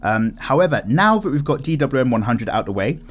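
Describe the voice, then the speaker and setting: A young man hosting an art channel, rambling and animated in casual chat while drawing. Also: medium pitch, a little fast. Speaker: YouTube art channel host.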